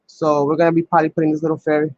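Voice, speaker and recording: A man with a fairly high voice hosts a relaxed crafting tutorial and talks through each step as he works. He fills his pauses with ums and thinks out loud. The sound is dry and a little dull, picked up by a camera mic at his craft table. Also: dry recording. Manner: chatty, thinks aloud with many ums. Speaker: crafting channel host.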